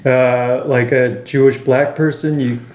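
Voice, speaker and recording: Awkward hesitant guy in his 30s, talks slow, echoey room. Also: mid-range voice, fairly even intonation, a little mellow. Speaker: comedian guest. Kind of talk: casual comedic chat.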